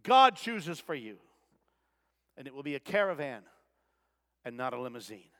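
A man's voice: mid-range voice, big pitch swings, moderate pace, fairly bright tone. A male pastor preaching a sermon, with dramatic swings and voices he acts out for his congregation. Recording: long reverb of a large hall.

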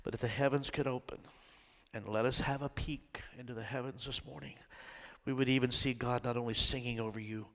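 An older man pastor delivers a Sunday sermon in a bright, forward voice, his words echoing with a long church-hall reverb. He surges to loud shouts and drops to hushed whispers. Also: mid-range voice, steady tone, fairly quick. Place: church sanctuary.

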